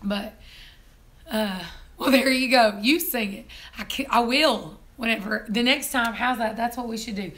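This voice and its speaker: Hoarse, bright-voiced woman. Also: fairly high pitch, measured pace. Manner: chatty, laughs often, teasing. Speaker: vlog host. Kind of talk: casual live-stream chat.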